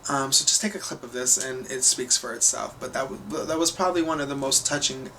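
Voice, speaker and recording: A man's voice: medium pitch, fairly even intonation, brisk, gravelly, sharp tone, a little hiss or hum. A man hosting a talk show in an effusive, gushing manner.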